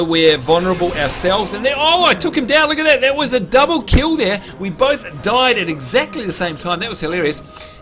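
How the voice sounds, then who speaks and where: An Australian man calling the action of a live game stream with a bright, forceful voice that sits a touch high. He talks to his viewers in a chatty, upbeat play-by-play and keeps an eye on the whole map. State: slightly hoarse, clearing his throat. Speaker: livestream host and game commentator. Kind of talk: live gameplay commentary.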